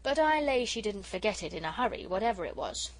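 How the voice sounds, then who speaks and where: A woman's voice: mid-range voice, big pitch swings, fast talker, low-quality recording. A woman reading an audiobook, voicing a chatty working-class railway porter who talks in a homely way. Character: gruff kindly middle-aged railway porter.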